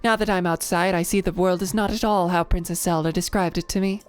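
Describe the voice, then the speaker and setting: A woman voicing a gentle, divine female great fairy from a video game, speaking softly and earnestly. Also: lowish voice, steady tone, fairly quick, clean tone, faint music behind, close to an everyday voice. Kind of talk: reading game dialogue aloud.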